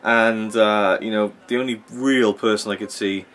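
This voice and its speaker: A male wrestling vlogger rants casually about wrestling as he watches a match, opinionated and rambling with plenty of fillers. His voice is lowish and a bit bright, with a steady tone and moderate pace.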